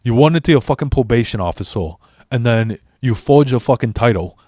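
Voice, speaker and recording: A man's voice: mid-range voice, lively intonation, fairly quick, darkish tone, dry recording, clean studio sound, natural voice. A man voicing his blunt best friend, who scolds him with plenty of swearing. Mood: mocking.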